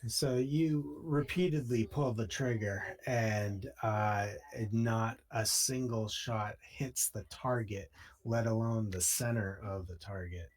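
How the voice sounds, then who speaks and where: A man narrating as game master for a tabletop game, relaxed and full of fillers. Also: on the low side, slow pace.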